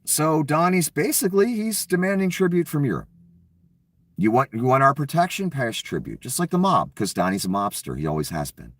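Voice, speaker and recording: A man's voice: a little high, very animated, a little fast, no echo, recorded from a distance. A man giving a casual, profane political rant, sarcastic and often acting out mocking quotes. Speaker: political commentator. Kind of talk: casual ranting commentary.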